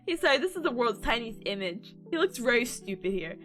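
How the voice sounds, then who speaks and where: A woman's voice: high-pitched, big pitch swings, fast, fairly bright tone, faint music behind. A woman streaming and chatting casually, telling stories in a bubbly, giggly way. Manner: giggly, bubbly storytelling, frequent laughter.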